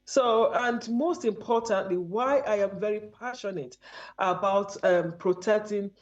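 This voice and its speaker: Nigerian woman, earnest interview guest, measured pace, muffled remote audio. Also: mid-range voice. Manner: earnest, measured, with frequent ums. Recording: dull lo-fi audio.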